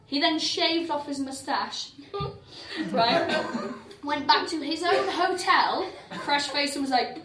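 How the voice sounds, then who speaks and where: A woman's voice: high voice, a little slow, a loud crowd. A woman comedian co-hosting a live show, telling a crime story with a lot of swearing and laughter, acting out the quotes. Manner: laughing often, profane, acts out quotes. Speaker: comedian co-host. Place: windowless venue at a festival, live audience. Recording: roomy live venue from a distant mic.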